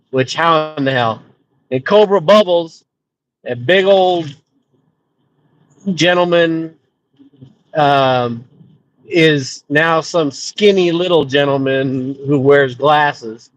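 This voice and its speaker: A man's voice: on the high side, lo-fi sound. A man chatting casually while driving on a road trip, rambling with profane, chuckling asides. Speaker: vlogger. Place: inside a car on a road trip.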